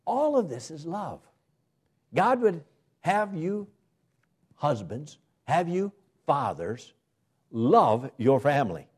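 A man preaching in church with a fairly high voice. His pitch swoops up and down as he stresses key words and pauses for effect. He sounds like a pastor delivering a sermon. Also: very animated, darkish tone, husky. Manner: preaching with dramatic pauses and emphatic rises.

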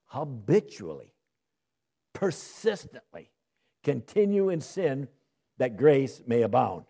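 A man's voice: on the high side, warm tone. A man preaching an expository sermon, reading scripture aloud emphatically and posing rhetorical questions to his listeners. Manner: reads scripture aloud slowly and emphatically, then explains it; asks and answers rhetorical questions.

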